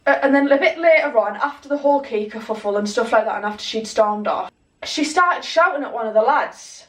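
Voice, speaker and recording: Lively young woman telling a story. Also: a little high, a little fast. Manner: animated, swears a lot, acts out quotes. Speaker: vlogger. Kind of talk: casual storytelling. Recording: echoey room, mic at a distance.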